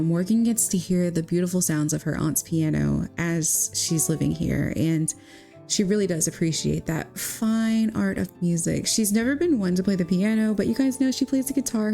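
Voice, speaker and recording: A young woman vlogger casually narrating a game story in a chatty, giggly way, full of "she's like" quotes. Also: lowish voice. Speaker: gaming vlogger. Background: soft guitar music.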